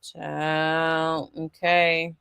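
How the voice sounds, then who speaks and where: Brief: woman gossip host, drawling and unhurried, sassy asides, exasperated tone. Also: low-pitched, monotone, vocal fry, very noisy. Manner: reads out viewer comments with laughs. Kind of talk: casual gossip commentary.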